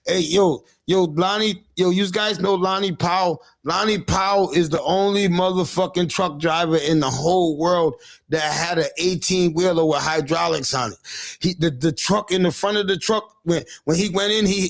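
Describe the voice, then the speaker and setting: High gravelly man telling rowdy stories. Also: normal speed. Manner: profane, rambling, teasing. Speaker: livestream host. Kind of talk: casual comic storytelling.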